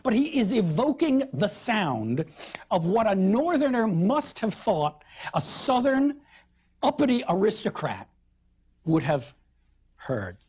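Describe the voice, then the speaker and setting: A woman gives a literature lecture with animated, emphatic delivery. Her pitch swings widely, while her pace stays unhurried. A soft huskiness runs through her somewhat low voice. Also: breathy edge. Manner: animated, expressive, with emphatic stresses. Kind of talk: recorded lecture.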